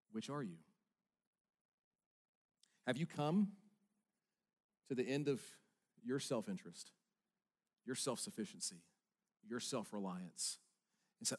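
A middle-aged man preaching a sermon in an earnest voice, moving between hushed, quiet lines and emphatic ones. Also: fairly low pitch. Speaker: pastor.

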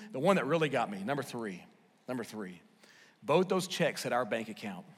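Pastor preaching in an echoing hall. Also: male voice, mid-range voice, sing-song, normal speed, husky. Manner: swings between loud emphatic lines and hushed quiet ones. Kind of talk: sermon. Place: church sanctuary.

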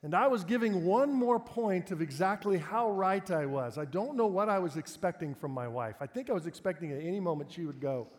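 A middle-aged male pastor with a notably high voice, preaching in a relaxed, conversational way and poking fun at himself as he tells stories. His words ring out with a long reverb, as in a large church hall. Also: a little fast, hardly any pauses, slight background noise. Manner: conversational, self-deprecating storyteller, breaks into laughter. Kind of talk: sermon with personal storytelling.

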